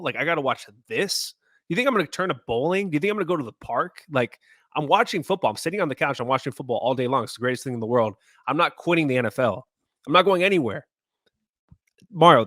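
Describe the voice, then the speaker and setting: A man's voice: on the high side, a bit bright, dry recording, studio quality. Ranting man from Southern California. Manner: passionate, ranting. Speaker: podcast co-host. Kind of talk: casual podcast chat.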